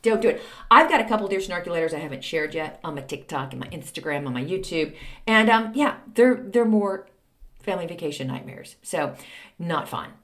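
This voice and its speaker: A woman's voice: on the low side, animated, a little fast. A middle-aged woman, hosting a podcast and giving blunt, snarky advice in a casual monologue, often repeating lines for emphasis.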